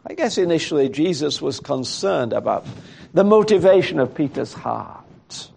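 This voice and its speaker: A man's voice: fairly high pitch, expressive, moderate pace, creaky, a little mellow, breathy edge. A man preaching a sermon in a reflective way, thinking aloud and asking rhetorical questions.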